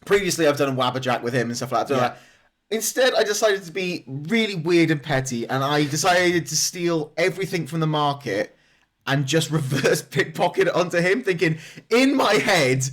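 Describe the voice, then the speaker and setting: A man's voice: on the high side, expressive, a little fast, fairly bright tone. A man co-hosting a gaming podcast, telling rambling anecdotes broken up by laughter in casual chat. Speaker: podcast co-host.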